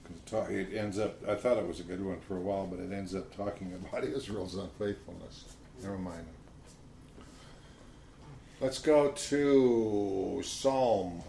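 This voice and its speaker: A man's voice: low voice, level tone, brisk, vocal fry, a little mellow. A man leading an informal Bible study, talking casually and reading scripture aloud to a small group. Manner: conversational, reads scripture aloud. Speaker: Bible teacher. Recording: roomy echo, faint hiss.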